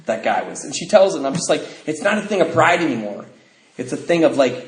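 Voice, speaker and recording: A middle-aged man speaks to a convention crowd about his recovery, in a voice pitched a little high for a man. He tells his stories lively and acts out the conversations in different voices. The sound is roomy and echoing, with a faint hiss underneath. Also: a little fast. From northwestern United States. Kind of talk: personal recovery talk to a convention audience. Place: convention hall. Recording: roomy hall with faint noise.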